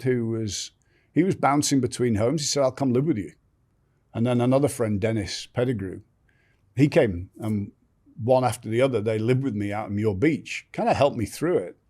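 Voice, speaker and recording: A man's voice: lowish voice, darkish tone. An older man telling his life story candidly as a podcast guest, blunt and swearing freely, often restarting sentences.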